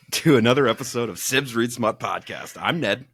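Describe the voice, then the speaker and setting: A man's voice: mid-range voice, normal speed, creaky, background noise. A young man co-hosting a comedy podcast about romance books, joking and laughing often as he chats. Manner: jokey, laughs often, stumbles and restarts. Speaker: podcast co-host. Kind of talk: casual comedic chat.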